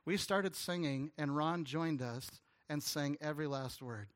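A man preaching a sermon as a guest pastor, telling an earnest story with stammered restarts and some hushed, tender moments. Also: on the high side, unhurried. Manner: drops to a hushed, tender voice at emotional points.

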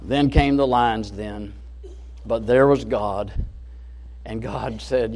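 A man's voice: mid-range voice, steady tone, takes it slowly, a little mellow. A man preaching a sermon in an earnest, emphatic way, rising and falling in volume.

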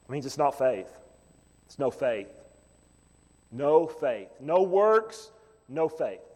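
A male pastor preaching a sermon, repeating phrases and building to shouts. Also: medium pitch, big pitch swings, takes it slowly, long reverb tail.

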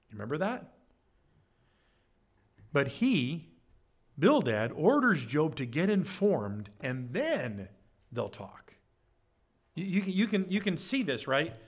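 A pastor leads a conversational Bible study, often tossing in "right?" and acting out quotes by shifting his pitch.

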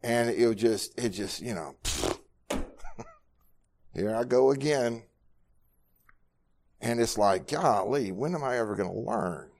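A man, preaching a sermon at a Bible study, telling personal stories earnestly and moving from quiet, low passages to loud, raised ones. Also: slow, pauses often. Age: 60s. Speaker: pastor.

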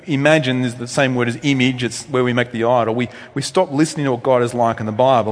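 A male pastor giving a conversational sermon with asides, swinging from loud, high emphasis down to soft, low tones. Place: church hall. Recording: long reverb in a church hall.

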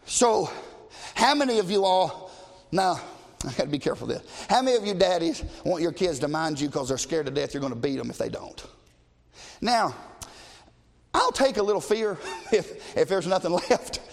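High-pitched preacher man getting fired up, shouting in a big echoey church. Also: big pitch swings, normal speed, vocal fry, long pauses. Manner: impassioned, rising to shouts. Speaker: pastor. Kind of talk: preaching a sermon.

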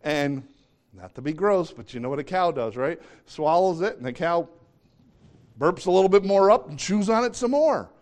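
A middle-aged male pastor preaches a sermon conversationally, making jokes at his own expense and putting questions to the congregation. His voice is on the high side, expressive and darkish in tone, at a normal speed.

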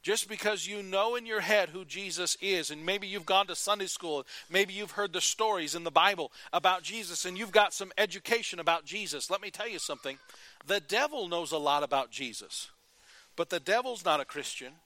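Male pastor, fairly high, bright forceful voice, earnest sermon delivery. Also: brisk, no echo. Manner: earnest preaching, rising to emphatic calls and dropping to quiet.

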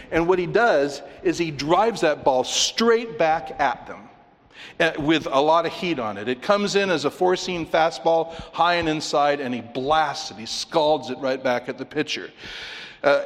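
Animated male preacher in a reverberant hall. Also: on the high side. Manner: animated, uses baseball imagery, emphatic. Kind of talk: expository sermon.

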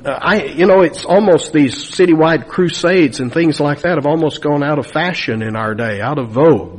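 A pastor in his fifties, a man preaching an emphatic sermon full of rhetorical questions. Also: fairly high pitch.

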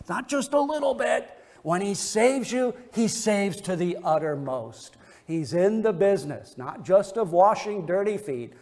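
A male pastor delivers a sermon with a high voice, repeating his key phrases for emphasis. His words ring out with a long echo in a church sanctuary. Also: a little mellow. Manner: emphatic preaching with repetition. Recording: long reverb of a church hall.

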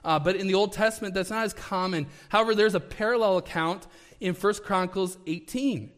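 Man, preacher, high voice, animated sermon, long church reverb. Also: brisk. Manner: animated, conversational, acts out the scripture.

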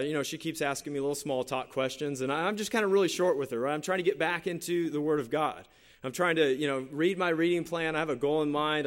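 Pastor guy preaching, earnest, keeps repeating himself, kinda high voice. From San Jose Bay Area, California. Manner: earnest, repeats phrases, storytelling asides. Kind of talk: sermon.

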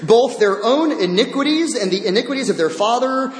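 A man preaching a sermon verse by verse, animated, acting out quoted voices and repeating words for emphasis. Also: very high-pitched, a little fast. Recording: echoey hall.

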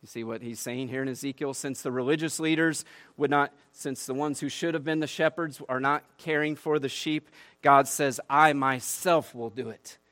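A man's voice: mid-range voice, steady tone, normal speed, fairly bright tone, no room sound. A man preaching a sermon. He reads scripture aloud with rising emphasis and breaks off into conversational asides that end in "right?". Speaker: pastor.

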